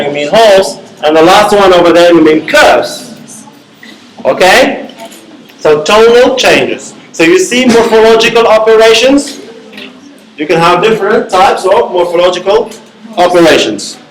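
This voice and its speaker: A man's voice: high voice, fairly bright tone. A male university lecturer teaching a class, often checking in with "okay?" as he explains. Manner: repeats "okay?" to check understanding, slow and deliberate. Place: lecture hall. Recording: echoey classroom.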